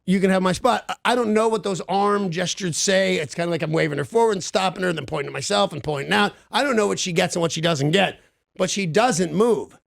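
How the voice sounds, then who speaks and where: Man, radio host, high voice, dry close mic, animated storyteller, self-mocking. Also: brisk, creaky, dry recording. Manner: excitable, self-mocking, acts out quotes with big pitch jumps.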